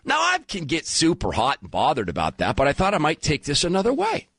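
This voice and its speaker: A man around fifty hosting a talk radio show, emphatic and animated, taking calls. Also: on the high side, brisk, breathy edge, no echo. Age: 50s. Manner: animated, emphatic, turns emotional. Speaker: guest radio host. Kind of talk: talk radio monologue and call-in.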